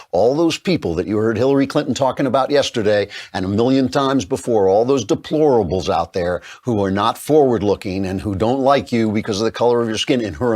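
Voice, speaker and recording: A man's voice: mid-range voice, darkish tone. A middle-aged man hosting a show, delivering emphatic, combative opinion commentary. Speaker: political commentary host.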